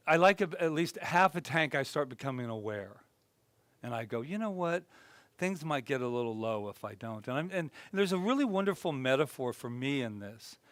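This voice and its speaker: Man, minister, conversational sermon, self-deprecating humor, soft reflective drops, slightly high voice, dry close sound. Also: clear, resonant tone, dry recording. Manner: animated and chatty, then drops soft and reflective. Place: spiritual center gathering.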